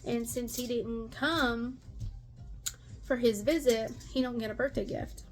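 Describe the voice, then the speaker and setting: A middle-aged stepmother vlogger rants to the camera about family drama, blunt and exasperated, swearing freely and repeating things for emphasis. Her voice is a little high and steady in tone, and she speaks a little slowly.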